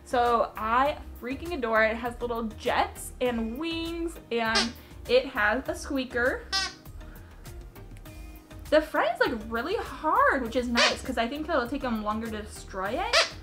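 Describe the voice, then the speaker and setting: A woman's voice: on the high side, expressive, unhurried, over music. A young woman chatting casually in a vlog, bubbly and gushing, often giggling. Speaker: vlogger.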